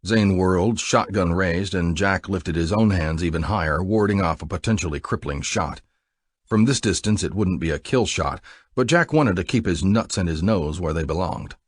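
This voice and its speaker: A man giving an expressive, dramatic audiobook narration. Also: deep voice, normal speed, slightly rough, dry recording.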